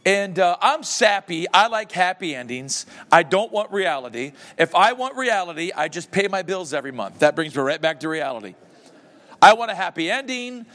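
A man's voice: a little high, a bit bright, long reverb tail. A male pastor preaching a sermon in a church, emotive and joking with his congregation.

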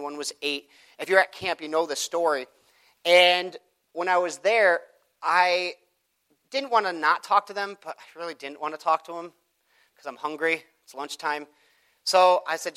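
A man preaching a sermon, telling a personal story in an animated way and acting out the people in it. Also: a little high. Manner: animated storytelling, acts out quoted voices.

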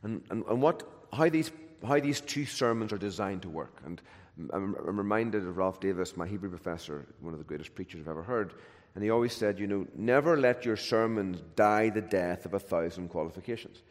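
A man's voice: on the low side, a little fast, few pauses. Man preaching in an echoing hall. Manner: emphatic, repeats words, shifts between loud and hushed. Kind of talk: sermon. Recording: long hall reverb.

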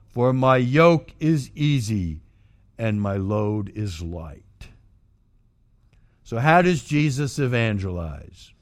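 A man preaching a sermon as pastor, moving from quiet, low passages to shouted, emphatic outbursts. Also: expressive, slow.

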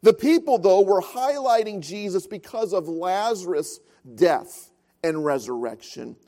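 A man's voice: high-pitched, lively intonation, a little slow, mellow. A man preaching a sermon as pastor of a church, telling stories with frequent filler sounds.

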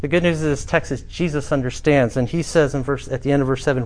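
A man's voice: mid-range voice, fairly even intonation, quick pace, hardly any pauses, a little mellow. Middle-aged man, pastor, sermon delivery, earnest and emphatic, mid-range voice. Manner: earnest storytelling with emphatic swells.

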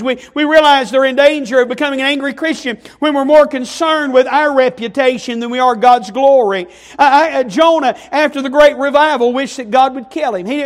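A man preaching a sermon, stressing points through repetition and rhetorical questions. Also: extremely high pitch.

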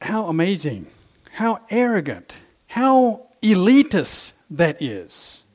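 A man's voice: sits high, big pitch swings, takes it slowly, darkish tone. A middle-aged male pastor preaching a sermon, impassioned and emphatic, repeating his phrases for effect.

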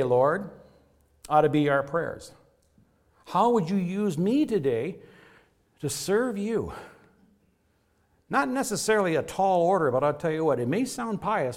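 A man preaching a sermon to his congregation, emphatic and earnest, his voice rising and falling to stress points. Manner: emphatic preaching with wide swings in pitch and loudness. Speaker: pastor.

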